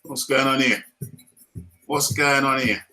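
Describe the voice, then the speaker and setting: A man's voice: medium pitch, steady tone, slow, bright, forceful tone, faint music behind, low-quality recording. A man with a British accent hosting a casual live stream, playful and laughing often, repeating his lines as he reads the chat.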